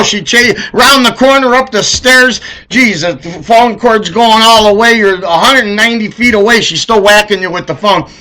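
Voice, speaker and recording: A middle-aged man telling comedic stories in a rambling, animated way, acting out voices. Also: high voice. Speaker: car dealer telling stories. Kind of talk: comedic monologue.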